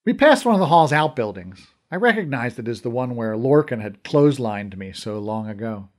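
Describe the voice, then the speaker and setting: A man's voice: mid-range voice, sing-song, normal speed. A man reading a fantasy novel aloud in first person, with wry, conversational storytelling. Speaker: audiobook narrator. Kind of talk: scripted first-person narration.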